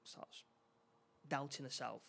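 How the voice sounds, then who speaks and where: Gravelly man, halting, acting out lines. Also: mid-range voice, steady tone, fairly bright tone, slight background noise. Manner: halting, many restarts, acts out lines. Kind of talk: casual chat recapping a film plot.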